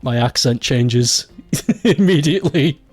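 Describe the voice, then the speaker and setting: A man's voice: mid-range voice, expressive, slow, dry recording, soft background music. A man chatting casually on a live stream, joking around, laughing often and swearing freely.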